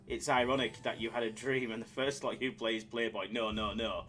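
A man's voice: on the low side, little pitch movement, brisk, hardly any pauses, a bit bright, soft background music. A man hosting a casual live stream, bantering with chat in a laid-back way.

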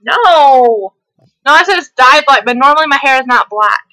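A woman who hosts gameplay videos chats casually and hyperly as she plays, with frequent laughter and the odd country twang. She sits high and sounds expressive and sharp, talking at normal speed on a low-quality recording.

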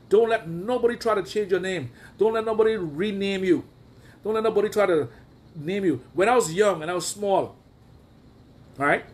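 A man preaching a sermon as a prophet, emphatic and repetitive, asking his listeners rhetorical questions. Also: high voice.

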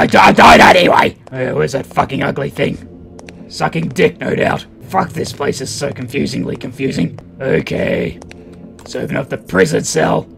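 Gravelly, foul-mouthed gaming guy. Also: a little high. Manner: crude, loud, profane joking. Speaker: gaming channel host. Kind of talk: let's play commentary.

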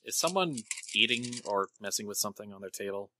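A man running a tabletop game over voice chat as game master, relaxed and quick to laugh. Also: lowish voice.

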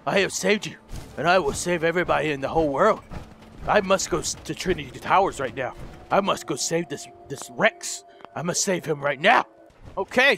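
A young gaming YouTuber commentates with loud, goofy mock-heroic bravado. His voice sits unusually high and sounds bright and sharp, and he swings between shouted boasts and muttered asides. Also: a little hiss or hum. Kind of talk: comedic gameplay commentary.

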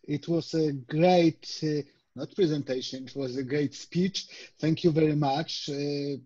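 Male host; slow, warm, breathy delivery, dull lo-fi sound. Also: on the high side, steady tone. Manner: slow, halting thanks. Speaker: event host. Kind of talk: thanking a guest.

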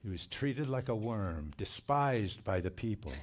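A man preaching a sermon in a church, reading scripture and commenting with slow, earnest emphasis. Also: lowish voice, darkish tone. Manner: slow, earnest delivery with scripture read aloud and dramatic quoted cries. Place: church sanctuary.

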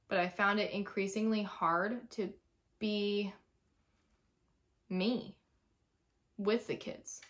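A woman's voice: mid-range voice, a bit bright. A woman in her thirties, a former teacher, talking candidly and chattily in a personal vlog, telling stories frankly and with feeling. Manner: frank and emotional.

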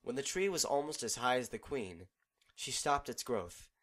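A man narrating a fan fiction audiobook in a steady, measured storytelling manner. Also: medium pitch.

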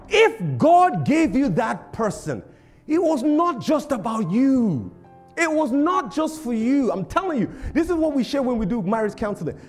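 A male pastor preaching a sermon, animated and laughing often, repeating phrases for emphasis. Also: very high-pitched.

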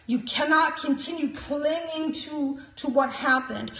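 High-voiced woman preaching in an echoey room. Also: a little slow, few pauses, bright, forceful tone. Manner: emphatic preaching with frequent "praise God" and chuckles. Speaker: prophet and minister. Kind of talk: sermon-style teaching. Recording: roomy echo.

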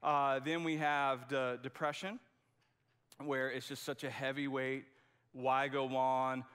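A man's voice: mid-range voice, a bit bright, clean tone. A man preaching a sermon in a conversational, emphatic way, often restarting his sentences. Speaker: pastor.

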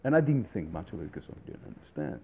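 A man's voice: low-pitched, fast talker, vocal fry. Man, middle-aged, casual storytelling, rambling, dull recording, faint hiss. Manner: rambling, animated, many fillers and restarts. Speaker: storyteller, restaurant industry veteran. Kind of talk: casual anecdote telling.

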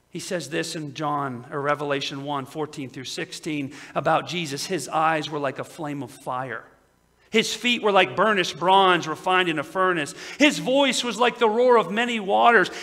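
Guy pastor preaching in a church, high bright voice, lots of hall reverb, goes loud then real quiet. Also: vocal fry. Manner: preaching with big swings from loud emphatic peaks to quiet low asides. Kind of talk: sermon. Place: church sanctuary.

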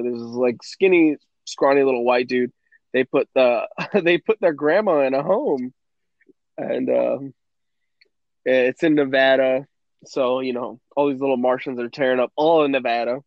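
A young man co-hosting a podcast in casual chat, telling a movie plot in an animated, profane way and acting out quotes. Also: medium pitch, moderate pace, dry recording. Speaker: podcast co-host. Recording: dry, dull lo-fi podcast audio.

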